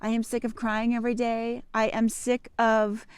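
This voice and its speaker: A woman speaking in a smooth, clear, fairly high voice, giving earnest advice with an insistent push. The recording is dry, with no echo. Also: completely flat delivery, normal speed. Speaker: advice video host. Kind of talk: advice talk.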